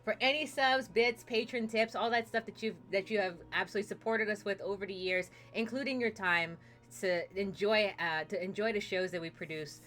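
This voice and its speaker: Female streamer, bright higher voice, playful story narration, game music faint behind. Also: steady tone, fairly quick. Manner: playful, narrates a fairy tale and hops into character voices. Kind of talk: casual gaming stream chat with acted story voices.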